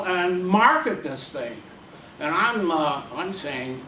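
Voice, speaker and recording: A man, a teacher and playwright, performing a solo stage monologue with halting speech full of fillers. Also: high voice, expressive, bright, forceful tone, slight background noise. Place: stage in a theater. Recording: echoey room, distant mic, faint ambience.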